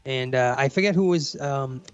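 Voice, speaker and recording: A man's voice: mid-range voice, normal speed, clean tone, no room sound, soft background music. Rambling, swearing young man, dry lo-fi mic. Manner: rambling, heavy swearing, says bro and dude. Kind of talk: casual chat storytelling.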